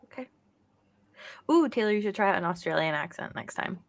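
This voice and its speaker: A woman's voice: mid-range voice, animated, fairly quick, creaky. A woman co-hosting a casual gaming podcast, chatty and laughing often as she searches for names. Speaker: podcast co-host. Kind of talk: casual chat.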